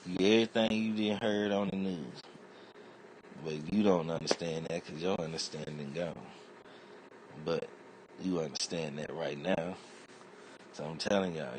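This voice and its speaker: This man talks from very low in his chest, loose and rambling as he spins out a comic rant full of cursing. He drifts from point to point in a streetwise, offhand way. A faint hum of noise sits under his voice. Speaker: internet comedian. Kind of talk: comedic rant monologue.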